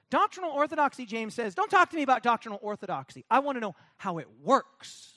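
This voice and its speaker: Guy preaching a sermon, pretty high voice, leans on call and response, gets sarcastic. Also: very animated, quick pace, few pauses, sharp tone, no room sound, clean studio sound. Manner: emphatic, repetitive, call-and-response with congregation; mocking sarcastic put-on voices for effect. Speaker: pastor.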